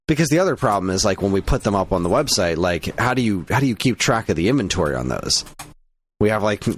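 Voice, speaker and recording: Man, from the US, podcast co-host, casual chat, lowish voice, rambling, filler-heavy. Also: no room sound. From United States. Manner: rambling, many fillers and restarts.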